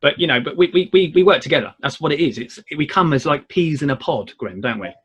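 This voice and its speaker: A man with a slightly husky voice co-hosts a casual show. He talks in a loose, rambling way full of fillers, and his pitch rises and falls a great deal. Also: fast, lo-fi sound. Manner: rambling, filler-heavy, lively intonation. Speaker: co-host. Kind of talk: casual chat show talk.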